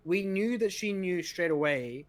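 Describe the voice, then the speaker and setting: A man's voice: high voice, lively intonation, a little slow. A man as a guest in a casual chat, loose and filler-heavy, quoting characters as he talks.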